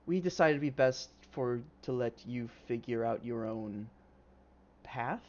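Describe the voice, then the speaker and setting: A man's voice: mid-range voice, unhurried, a little mellow, lightly acted. A man voicing an elegant noble mother who fusses over her daughter with mild reproach, on a slightly muffled mic. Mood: explaining. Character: elegant, poised middle-aged noble mother.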